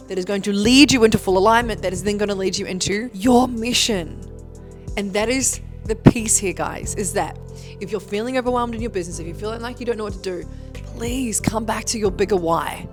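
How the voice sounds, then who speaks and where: A woman's voice: fairly high pitch, fairly bright tone. Fired-up, swearing woman coach. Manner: swears often, emphatic and fired up. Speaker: business coach. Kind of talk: motivational monologue.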